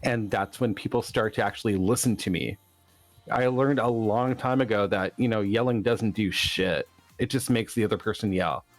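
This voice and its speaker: A man on a casual live-stream chat, talking in a measured, plainspoken way. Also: fairly low pitch, no echo, soft background music.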